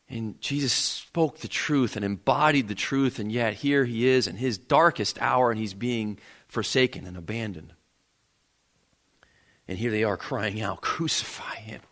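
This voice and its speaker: A man's voice: mid-range voice, a little slow, long pauses, a bit bright. A man preaching a sermon in a church, earnest, often repeating words as he builds a point. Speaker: pastor. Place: church sanctuary.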